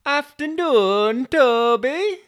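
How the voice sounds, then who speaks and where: A man's voice: very high-pitched, lively intonation, drawn-out words, a bit bright, clear, resonant tone, voice pushed up, full character voice. A man voicing a chirpy male delivery driver with a Yorkshire accent.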